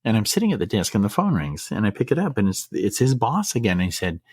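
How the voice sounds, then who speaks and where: A man's voice: fairly low pitch, very animated, a little mellow, slightly rough, no room sound, studio quality. A middle-aged man on a podcast, telling a personal story in a casual, earnest way and often restarting his sentences. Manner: earnest, halting, with frequent restarts.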